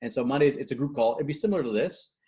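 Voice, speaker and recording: A man speaking as a guest coach in a casual video-call interview, energetic and acting out quotes as he tells stories. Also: medium pitch. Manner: fast, energetic storyteller, acts out quotes. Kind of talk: animated casual interview talk.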